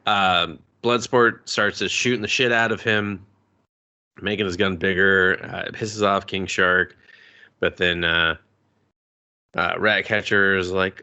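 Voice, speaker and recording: A man co-hosting a podcast, recapping a film in casual, profane chat and jumping up high in pitch for jokes. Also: steady tone, slow pace, pauses often, pushed and bright. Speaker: podcast co-host. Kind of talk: casual movie review chat.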